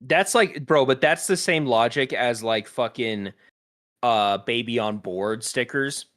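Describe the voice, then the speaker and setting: A man's voice: mid-range voice, unhurried. A man co-hosting a casual podcast, ranting about a pet peeve with lots of swearing and frequent laughter. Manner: profane, animated, laughing often. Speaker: podcast co-host.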